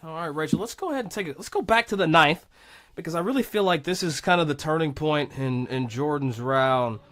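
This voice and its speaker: A man doing live golf commentary, chatty and excitable, cracking jokes with his co-host. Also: fairly high pitch, brisk.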